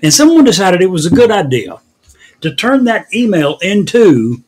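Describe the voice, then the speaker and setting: A man's voice: sits high, sing-song, normal speed, darkish tone. A man hosting a casual news podcast, recounting stories in a wry way. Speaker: podcast host.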